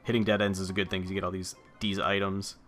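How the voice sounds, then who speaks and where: A young man talks his way through a video game in a loose, rambling way, cursing offhandedly as he goes. His voice sits a little low yet sounds bright and forceful. Quiet music plays faintly underneath. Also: little pitch movement, fast talker. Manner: rambling and offhand, swears casually. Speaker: let's play gamer. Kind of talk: casual gameplay commentary.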